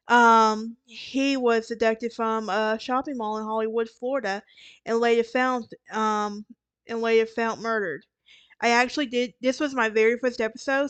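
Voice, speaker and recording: A woman's voice: fairly high pitch, no room sound. A tired woman with a Southern accent hosting a true crime podcast, narrating casually and often correcting herself as she goes. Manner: rambling, frequent restarts and self-corrections.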